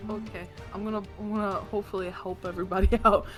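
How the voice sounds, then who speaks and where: A woman's voice: medium pitch, flat delivery, quick pace, a bit bright, faint music behind. A woman player in a tabletop game, chatty and full of likes and restarts. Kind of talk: casual tabletop play.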